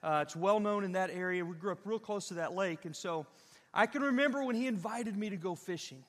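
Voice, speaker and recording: Pastor, man with a drawl, high-pitched and folksy, chatting to the congregation in a reverberant sanctuary. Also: fairly quick. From Southern Illinois. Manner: folksy, animated, addresses the audience directly. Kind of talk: storytelling sermon. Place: church sanctuary. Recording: reverberant church hall.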